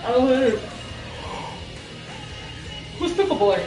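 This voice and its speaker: Woman co-host, higher-pitched, chatty and profane, roomy live-stream sound. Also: expressive, slow, far from the mic, music in the background. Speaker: podcast co-host. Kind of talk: casual wrestling chat.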